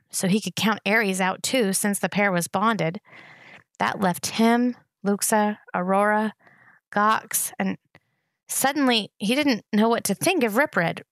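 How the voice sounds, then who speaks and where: A woman reading a novel aloud in steady narration. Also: mid-range voice, no echo, clean studio sound. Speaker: reader.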